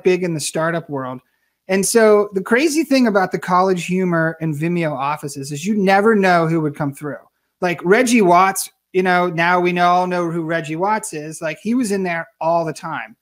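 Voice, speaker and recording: A man being interviewed, telling career stories in a casual, animated way and acting out what others said. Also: high voice. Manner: animated storyteller, acts out quoted voices. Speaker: guest.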